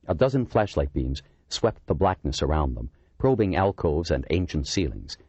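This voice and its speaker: A man's voice: a bass voice, sing-song, normal speed, a little mellow, breathy edge, no echo, lo-fi sound. A man reading an audiobook as its narrator, telling the story dramatically.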